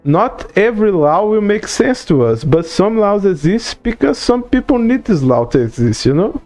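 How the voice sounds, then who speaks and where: A man's voice: high voice, normal speed, faint music behind. A Brazilian man speaking English as a second language, with a Portuguese accent, chatting casually on a livestream and ranting with plenty of swearing and "bro" fillers. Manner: profane, animated rant with many "bro" and "you know" fillers. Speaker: streamer.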